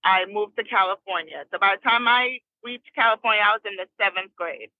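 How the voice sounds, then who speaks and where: A New Jersey woman, a recording artist, tells her life story as a podcast guest, chatting casually and laughing often. Her medium-pitched voice is brisk and dry, coming through a tinny phone line.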